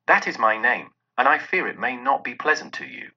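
Male reader voicing a jolly old miser reborn, effusive and bright-toned, slightly raised pitch, lo-fi. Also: expressive, a little fast, slightly rough, heavily acted. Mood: eager. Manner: eager, warmly effusive. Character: elderly male miser, newly joyful and generous. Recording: dull lo-fi recording.

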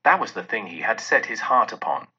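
Man narrating expressively, husky and bright. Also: lowish voice, a little fast. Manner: expressive, dramatic. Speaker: reader. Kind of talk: storybook narration. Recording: dull lo-fi recording.

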